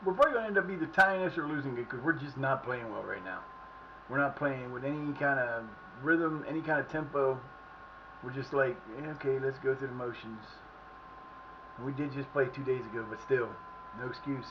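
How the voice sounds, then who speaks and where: A middle-aged man streaming live and chatting casually as he plays, excitable and profane, often yelling at the action. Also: medium pitch, brisk, dull audio, background noise. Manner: excitable, profane, shouts at the play. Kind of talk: casual live commentary while playing.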